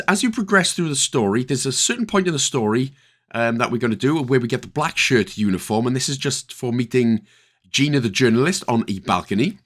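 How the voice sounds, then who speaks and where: A man's voice: mid-range voice, fairly bright tone. A man with a Northern Irish accent talking through a video game walkthrough, chatty and full of jokey asides. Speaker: video game guide creator. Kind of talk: casual gameplay walkthrough commentary.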